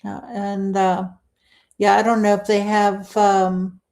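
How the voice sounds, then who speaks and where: Woman co-host, short hesitant answers, slow and level delivery. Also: mid-range voice, little pitch movement, darkish tone. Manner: brief, hesitant replies. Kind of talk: casual chat.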